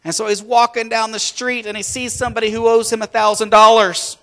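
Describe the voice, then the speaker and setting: A man's voice: high-pitched, flat delivery, fairly quick, pushed and bright. A man preaching a sermon, retelling a story in a casual, conversational way. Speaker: pastor.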